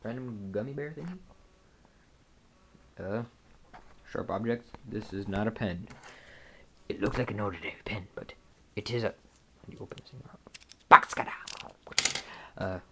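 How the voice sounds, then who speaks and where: A man's voice: on the low side, normal speed, pauses often, a little hiss or hum. A teenage boy vlogging casually from his bedroom, rambling and joking while he holds a cat. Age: teens. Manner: rambling, jokey, talks to a cat. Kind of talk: casual chat to camera. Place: bedroom at home.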